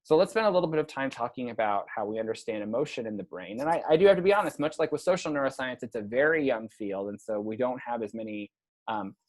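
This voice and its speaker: A man's voice: mid-range voice, expressive, quick pace, a little mellow. A man giving a casual, conversational university lecture, now and then acting out a patient's words.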